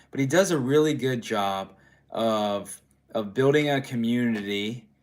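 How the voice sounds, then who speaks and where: A man's voice: mid-range voice, a little mellow. A tired man, a dad, chatting casually on a livestream, rambling and repeating his phrases while answering viewer chat. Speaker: streamer reading viewer chat.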